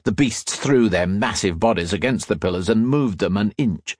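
A man narrating an adventure audiobook in a dramatic, lively reading style with a slightly husky voice. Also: fairly low pitch, moderate pace, few pauses, dry recording, clean studio sound.

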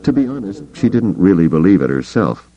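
A man reading an audiobook as its narrator in measured, scripted storytelling. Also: low voice, big pitch swings, mellow, muffled recording.

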